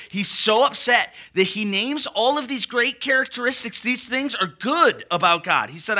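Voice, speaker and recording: A male pastor preaching a sermon in an animated, conversational way with rising emphasis. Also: extremely high pitch, normal speed, few pauses.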